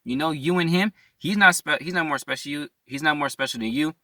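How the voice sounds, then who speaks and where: A young man with a very bright, forward voice, pitched a little above the usual, gives a casual motivational talk straight to camera. He is earnest and slangy, calls his listeners "bro" and keeps checking in with "right?" as he repeats his points. The sound is close and dry. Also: a little fast, no echo. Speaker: motivational YouTuber.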